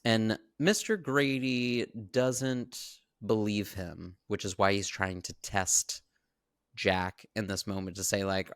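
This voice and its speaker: Low-voiced male podcast host. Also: slow, no echo, studio quality. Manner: animated, profane storytelling. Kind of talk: casual chat recapping a film.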